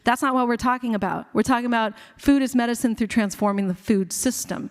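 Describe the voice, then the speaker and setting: A woman physician giving a passionate conference keynote, quick and conversational with many fillers. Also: on the high side. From India. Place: large conference hall. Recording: long hall reverb.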